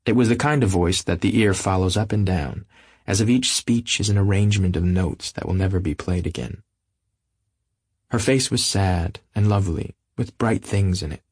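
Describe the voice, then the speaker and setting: A man narrates an audiobook in a measured first-person reading. His deep voice carries a husky edge. The recording is close and dry. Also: a little mellow, no echo. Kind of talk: scripted narration.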